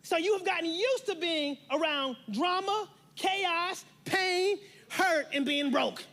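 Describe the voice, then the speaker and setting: A high-pitched pastor delivering a sermon in a church. The delivery is emphatic and playful, with lots of repetition and asides to the congregation. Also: slow pace, few pauses, a bit bright.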